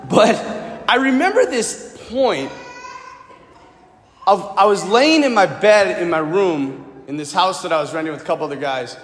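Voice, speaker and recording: High-voiced priest telling a story in an echoing church. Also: male voice, animated, moderate pace, a bit bright, slight background noise. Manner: personal storytelling, asks the congregation questions directly. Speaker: Catholic priest. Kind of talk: sermon. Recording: echoey hall with long reverb.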